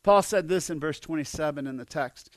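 A man with a high voice preaching with earnest conviction. He often repeats words and swings from loud calls to hushed lines. The sound is dry and close, with no room around it. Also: a little fast, no room sound. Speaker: pastor. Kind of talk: sermon.

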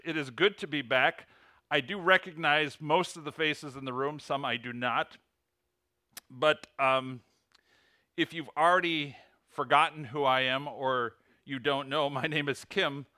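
Forceful Illinois man preaching in church. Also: mid-range voice, no room sound, clean studio sound. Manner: earnest, reads lists and figures aloud. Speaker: ministry coach, guest preacher. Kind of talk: sermon. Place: church sanctuary.

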